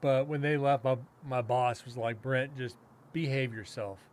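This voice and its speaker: A man with a medium-pitched voice and fairly even intonation rambles through a long, casual story. He's a podcast host and paranormal investigator who chuckles, uses frequent fillers and self-restarts, and acts out others' lines in brief quotes.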